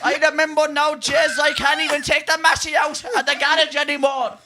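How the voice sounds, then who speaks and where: A man's voice: very high voice, level tone, fairly quick, noisy background, pitched above the performer's own voice. A man putting on a Kerry accent to play a fiery rural male politician who rants aggressively, a little tipsy. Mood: ranting. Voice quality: loud, aggressive, shouting.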